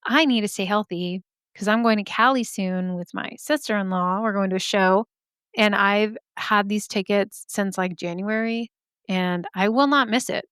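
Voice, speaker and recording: A woman's voice: mid-range voice, moderate pace, a bit bright, smooth, no echo. Bubbly woman in her thirties, podcast host, chatty, a touch scratchy, dry close mic. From Arizona. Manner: bubbly, chatty, laughs often. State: slightly scratchy throat. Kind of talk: casual chat. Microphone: studio microphone.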